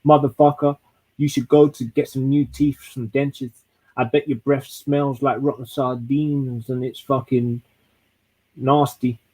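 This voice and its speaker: A man's voice: medium pitch, level tone, a little slow, mellow, low-quality recording. A man from London throwing crude, swear-heavy freestyle insults in a trash-talk battle.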